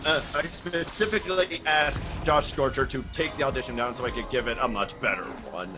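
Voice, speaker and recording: A man's voice: medium pitch, fairly quick, music in the background. Hesitant male voice actor from Louisiana. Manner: reflective, hesitant, with fillers. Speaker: dub voice actor. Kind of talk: casual group chat.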